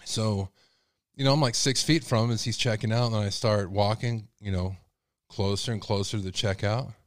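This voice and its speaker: A man's voice: lowish voice, steady tone, normal speed, no echo. Rambling male host, dry close sound. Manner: rambling, folksy, many fillers. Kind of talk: casual storytelling monologue.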